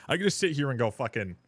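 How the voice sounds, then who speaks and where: A man streaming a game live, chatting casually and rambling, swearing often and getting loud and hyped when thanking viewers. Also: medium pitch. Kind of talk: casual live-stream chat while gaming.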